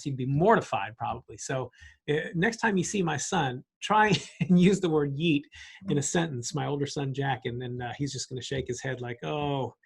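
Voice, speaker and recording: A middle-aged man with a husky, slightly high voice teaches a church Bible study class. He keeps it conversational and self-deprecating, acting out little examples as he goes.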